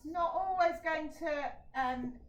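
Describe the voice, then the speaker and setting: A woman teaching a phonics lesson to young children, sounding out words slowly and praising them. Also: fairly high pitch, lo-fi sound, slight background noise. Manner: encouraging, sounds out words syllable by syllable. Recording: echoey room, voice a little far from the mic.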